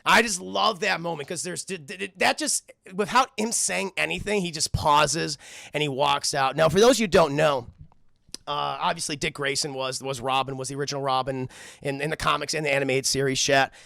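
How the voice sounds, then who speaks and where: Man, stream reviewer, profane, animated, higher voice, dry close sound. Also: brisk, creaky, no room sound. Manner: animated, profane, keeps addressing chat. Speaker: cartoon reviewer streaming to chat. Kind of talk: casual spoken recap.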